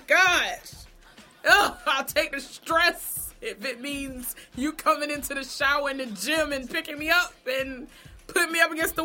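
A woman from Savannah, Georgia, recapping TV shows in a casual, profane and animated way. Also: high-pitched. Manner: profane, animated, acts out characters. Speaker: TV recap vlogger.

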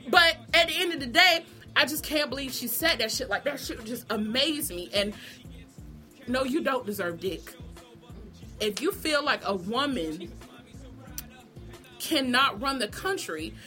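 High, bright-voiced woman ranting profanely. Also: lively intonation, unhurried, long pauses, soft background music. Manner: heated, profane, swinging between mock shock and indignation. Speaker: vlogger. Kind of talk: profane reality-show commentary rant.

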